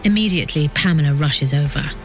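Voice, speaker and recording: A woman with a lowish voice narrates a true-crime documentary from a script. Her delivery is measured and builds suspense between the interview clips. Music plays softly behind her.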